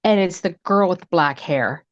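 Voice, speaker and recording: A woman's voice: normal speed, muffled recording. A middle-aged woman, a psychic podcast co-host, telling a true ghost story in casual chat and acting out the quoted voices. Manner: animated, acts out quotes with big pitch jumps.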